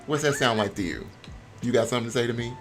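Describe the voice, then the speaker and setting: A man voicing a sassy, strict mother in a life-sim game, with a scolding, drawn-out delivery. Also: mid-range voice, music in the background, close to an everyday voice.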